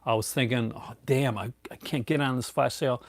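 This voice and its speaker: A man's voice: medium pitch, steady tone, fairly quick, no echo. A middle-aged man hosting a casual live chat, rambling with many fillers and restarts and chuckling often. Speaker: host.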